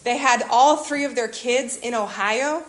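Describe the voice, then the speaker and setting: A woman giving a lively, conversational talk, telling a personal story with frequent asides. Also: fairly high pitch, unhurried, soft background music. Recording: roomy echo.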